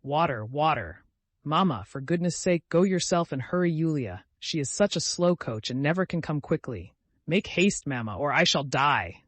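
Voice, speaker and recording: A man reading an audiobook, voicing a sickly, capricious teenage girl who gives commands in a quick, high-strung way. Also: animated, dry recording. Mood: demanding.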